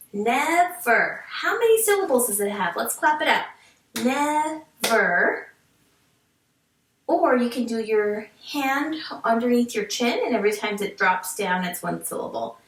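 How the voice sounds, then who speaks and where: A woman teaching a reading lesson to young children, sounding words out slowly and syllable by syllable, cheerful and encouraging. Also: fairly high pitch, lively intonation. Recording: echoey room, mic at a distance.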